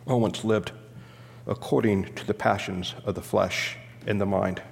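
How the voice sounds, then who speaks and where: A man's voice: on the low side, steady tone, measured pace, vocal fry, long reverb tail, slight background noise. A man preaching an expository sermon as a pastor, teaching in an emphatic way and stopping to explain the grammar of the Greek text.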